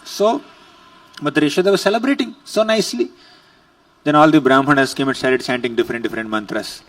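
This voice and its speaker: A man's voice: on the high side, fairly quick, fairly bright tone, distant mic, poor audio. A man as a spiritual teacher, giving a scripture lecture and telling stories emphatically, sometimes chanting verses.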